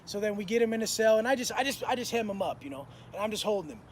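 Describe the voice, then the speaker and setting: A man in his thirties tells prison stories to camera in a high-sitting voice, very fast and animated, with slight background noise. His casual storytelling is blunt, profane, and heavy on slang.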